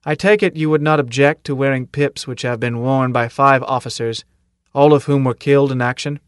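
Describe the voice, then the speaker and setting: A man voicing a stern, gruff older military commandant in an audiobook, speaking in a clipped, authoritative way and firing off pointed questions. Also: mid-range voice, moderate pace, dry recording, clean studio sound, lightly acted. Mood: commanding. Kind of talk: audiobook character reading.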